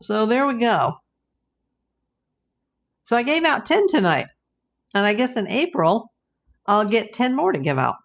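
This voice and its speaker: A woman's voice: on the high side, very animated, a little slow, vocal fry, long pauses. Chatty woman hosting a livestream. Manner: chatty, reads viewer comments aloud and greets them by name. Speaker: livestream host. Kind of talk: casual livestream chat with viewers.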